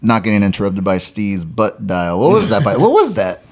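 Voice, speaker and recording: A man in a casual podcast chat, tossing in teasing questions and dark jokes. His voice is extremely animated, swooping widely in pitch from one remark to the next. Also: moderate pace. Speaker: podcast co-host.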